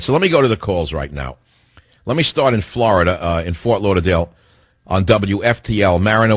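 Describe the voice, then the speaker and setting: A man's voice: low-pitched, no room sound. A man hosting a call-in talk radio show, lecturing his callers in a combative way.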